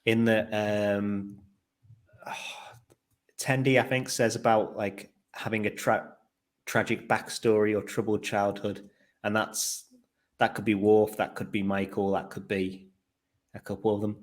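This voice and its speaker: A man's voice: on the low side, flat delivery, unhurried. A man co-hosting a podcast in casual chat, with dry, teasing remarks. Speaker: podcast co-host.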